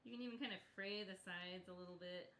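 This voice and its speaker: A woman's voice: fairly low pitch, steady tone, quick pace, fairly bright tone, slight background noise. A woman teaching a step-by-step painting lesson in a casual, chatty way, laughing often. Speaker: painting instructor. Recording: echoey room.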